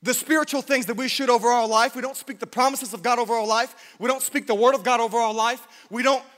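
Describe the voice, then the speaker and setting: A man delivers a sermon in a high voice, telling stories with plenty of restarts and jokes. His voice carries a long reverb, as if it fills a church hall. He is animated and lightly comic, then earnest. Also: fast talker. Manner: animated, jokey, self-interrupting. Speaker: pastor. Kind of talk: sermon with storytelling.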